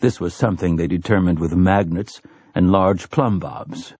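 A man reading a novel aloud as an audiobook narrator, expressive and shifting between character voices. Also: deep voice, moderate pace, slightly rough, dry recording. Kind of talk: scripted narration.

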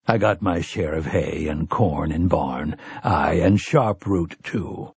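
A man voicing a calm, formal gunslinger who speaks mildly and deliberately. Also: sits low, husky, no echo, clean studio sound, pitched below the performer's own voice, heavily acted. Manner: mild, measured, formal and old-fashioned.

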